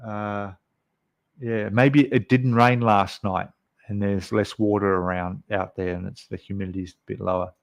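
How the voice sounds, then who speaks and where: A middle-aged man hosting a casual live stream, chatting in a rambling way and reading out viewer comments with many fillers. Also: medium pitch. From Australia.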